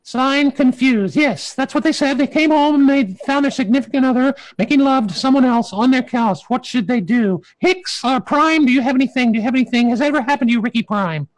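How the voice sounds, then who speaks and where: A man's voice: very high voice, brisk, few pauses, no echo, poor audio. A man hosting a comic talk show, chatty and self-mocking, often stumbling over his words. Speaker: host.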